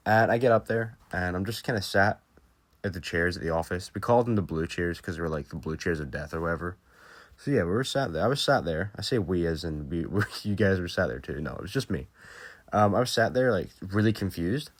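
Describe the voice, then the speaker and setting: A man's voice: low voice, expressive, fairly quick. A young man telling a story time video in a casual, rambling way, full of fillers and swearing. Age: young adult. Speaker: YouTuber.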